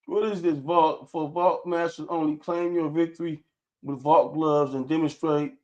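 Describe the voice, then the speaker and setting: A man's voice: fairly high pitch, level tone, moderate pace, a little mellow, highs cut off. A man hosting his own livestream, talking casually and rambling about sneakers and street culture, full of "man" and "y'all". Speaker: livestream host.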